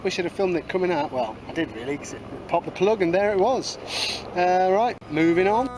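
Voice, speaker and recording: Speaking fairly quickly in a high voice, a man chats his way through a metal detecting session in a field. His commentary is casual and cheeky, with asides and repeated "moving on"s, and outdoor noise can be heard in the background.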